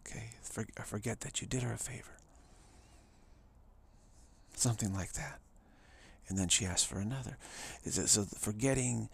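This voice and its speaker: A man, a spiritual teacher, giving a reflective talk in a musing, soft way, sometimes dropping into a whisper. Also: fairly low pitch, normal speed, gravelly, long pauses, slightly rough.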